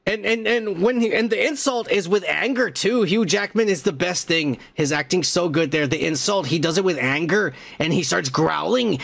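A man hosting a podcast, excitedly recapping a movie in a casual, profane, rambling way. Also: sits high, vocal fry. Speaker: podcast host.

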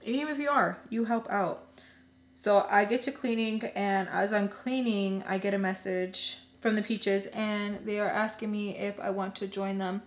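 A woman's voice: mid-range voice, steady tone, moderate pace, echoey room. A young woman telling an emotional personal story in a casual, earnest way, filling her talk with lots of "like"s. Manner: chatty, filler-heavy with many "like"s.

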